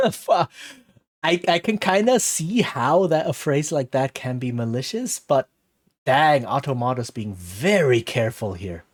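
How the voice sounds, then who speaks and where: A male streamer talking loosely with his chat at home. He rambles, restarts his sentences and breaks into easy laughs, at a middle pitch. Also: sing-song, unhurried. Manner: rambling, self-interrupting, laughs easily. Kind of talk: casual chat with live chat.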